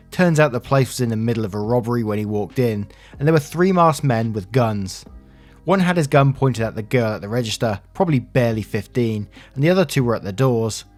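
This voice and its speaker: Male narrator, mid-pitched, wry and profane, reads stories with faint music behind. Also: darkish tone. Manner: wry, swears freely, quick asides. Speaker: reddit story narrator. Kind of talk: casual story narration with commentary.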